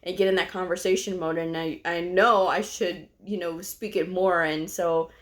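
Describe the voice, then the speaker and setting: A middle-aged woman from Texas speaks to her viewers in a casual, meandering storytelling style. Her voice sits slightly low, and she fills her sentences with "you know" and small fillers. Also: fairly even intonation, normal speed. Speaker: medical coder vlogger.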